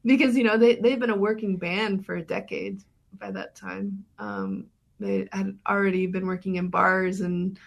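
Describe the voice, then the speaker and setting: A woman's voice: medium pitch, gravelly. A woman documentary filmmaker being interviewed on radio, talking thoughtfully with many fillers and restarts.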